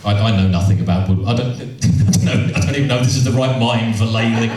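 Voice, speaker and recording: A man's voice: on the low side, fast talker, a little mellow. A man doing stand-up storytelling, rambling and repeating himself with amused asides. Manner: rambling, self-interrupting, amused. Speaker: stand-up comedian. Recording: echoey room from far off.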